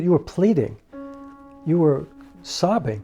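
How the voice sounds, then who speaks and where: Middle-aged male storyteller: slightly high, warm tone, conversational and earnest, often restarting mid-thought. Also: lively intonation, moderate pace, long pauses. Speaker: filmmaker and storyteller. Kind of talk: personal storytelling to camera. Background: soft piano music.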